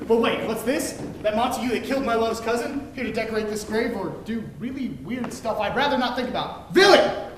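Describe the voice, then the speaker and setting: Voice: medium pitch, brisk, few pauses, lightly acted. Someone doing a show-off buff suitor, mid voice, noisy echoey stage. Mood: boastful. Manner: boastful, mock-heroic delivery. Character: vain, muscle-proud young male suitor. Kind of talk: amateur stage comedy.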